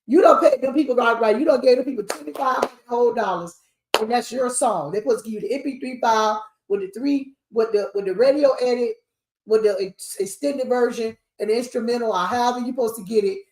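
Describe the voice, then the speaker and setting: A woman, an award show CEO talking shop in a lively, preachy way. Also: a little high, fast. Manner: animated, preachy, sings snippets. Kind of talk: casual panel chat. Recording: echoey room.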